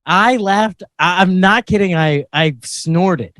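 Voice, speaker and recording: A man's voice: high voice, slow pace, a bit bright, no echo. A young man co-hosting a podcast in casual chat, telling stories and laughing often. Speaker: podcast co-host.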